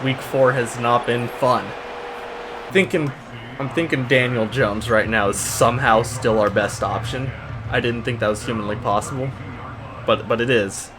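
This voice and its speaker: A man narrating his football video game in a casual, exasperated running commentary, groaning at his own team's mistakes. His voice sits at an ordinary middle pitch, and there is a steady hiss of noise behind him throughout. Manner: exasperated, sarcastic play-by-play with frequent restarts. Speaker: gaming YouTuber.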